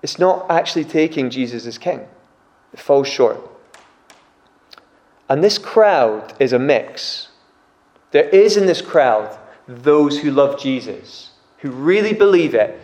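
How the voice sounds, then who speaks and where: Animated preacher in an echoey hall. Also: male voice, mid-range voice, slow pace, long pauses. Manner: animated, acts out crowd voices. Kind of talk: sermon. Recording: echoey room.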